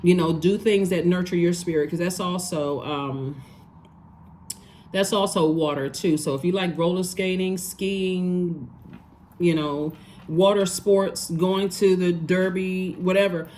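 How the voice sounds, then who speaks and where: Woman doing a rambly tarot reading, lowish voice, says stuff twice to drive it home. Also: steady tone, unhurried, darkish tone, slight background noise. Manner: emphatic, repeats phrases for stress; conversational, loose and rambling. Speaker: tarot reader. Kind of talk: casual tarot reading monologue.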